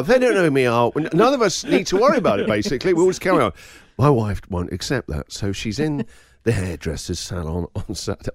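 A man's voice: fairly low pitch, no room sound, studio quality. A man hosting a radio breakfast show, telling a story in casual chat and acting out the people in it. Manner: animated, laughing storyteller acting out quotes.

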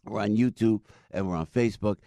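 A man's voice: fairly low pitch, fairly quick, creaky, no room sound. A middle-aged man hosting a radio talk show, chatting casually and telling rambling stories into a studio microphone. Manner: animated, rambling storyteller.

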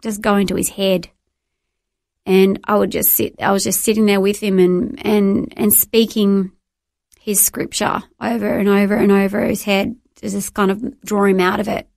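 A middle-aged Australian woman, a guest in a faith interview, gives her personal testimony in an earnest, emotional way, halting and restarting repeatedly. Her medium-pitched voice has a noticeable gravelly fry. The recording is dry and close-miked.

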